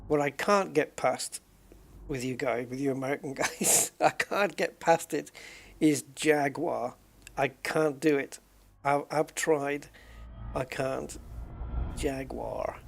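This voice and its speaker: A man's voice: mid-range voice, creaky, slightly rough. An English man, a game streamer, chatting casually and rambling while he plays, laughing often at his own remarks. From England. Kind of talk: casual chat while gaming.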